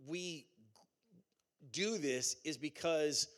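A man preaching a sermon as pastor, in a conversational, animated way with call-and-response and repeated phrases. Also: on the high side, drawn-out words.

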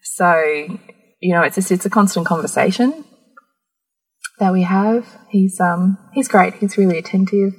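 A woman, telling a personal story candidly on a podcast, animated and laughing often. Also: medium pitch, normal speed, husky, rough recording. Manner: animated, laughs often, acts out quoted voices. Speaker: podcast guest.

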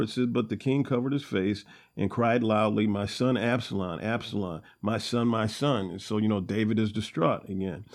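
A man's voice: medium pitch, a little mellow. A man with an ordinary mid-range voice hosts a Bible study show. He reads scripture passages aloud and then talks them over in an easygoing, conversational way, with plenty of "you know" and "uh" along the way. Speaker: Bible study podcast host. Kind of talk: casual Bible reading and commentary.

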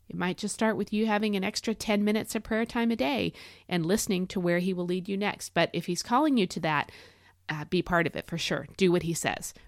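A woman's voice: on the low side, dry recording, studio quality. A middle-aged woman hosting a devotional podcast, talking with earnest emphasis and reading scripture to her listeners. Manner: earnest, emphatic, lively encouraging delivery. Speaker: podcast host. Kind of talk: devotional podcast talk, reading Bible verses.

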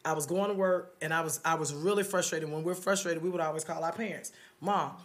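A woman's voice: low-pitched, fairly even intonation, fast. A middle-aged woman co-hosting a casual faith-based conversation, telling her story earnestly with many fillers and restarts. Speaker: podcast co-host.

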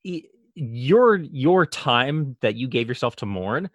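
A man's voice: mid-range voice, expressive, slow, no echo, lo-fi sound. A man hosts a podcast interview in a mid-range voice, recorded dry and close. He talks conversationally, often stopping to restart his phrases. His questions come across as plain and direct. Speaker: podcast host.

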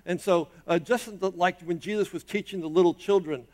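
Brief: middle-aged male pastor, high-pitched voice, emphatic sermon delivery with rises and hushed drops. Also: brisk. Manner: emphatic preaching, rising and dropping in pitch and loudness.

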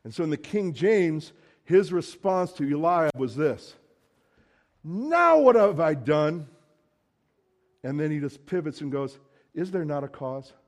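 A man's voice: a little high, moderate pace, darkish tone. A man preaching a sermon in a conversational, emphatic way, acting out quoted lines.

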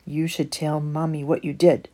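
A woman voicing a stern inner voice of conscience in a storybook reading, loud and urgently scolding. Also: low-pitched, level tone, moderate pace.

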